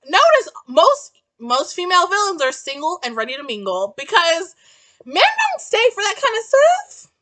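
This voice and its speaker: A young woman at home giving a profane, exasperated, ranty book review in a casual, animated way. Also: very high-pitched, normal speed.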